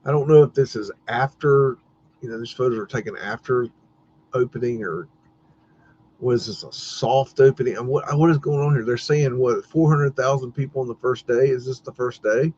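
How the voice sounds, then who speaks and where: A man of middle pitch hosts a casual livestream, rambling through his commentary with easy laughs and loose swearing. His audio is dull and lo-fi, with a faint hiss underneath. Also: moderate pace, a little mellow. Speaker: livestream host.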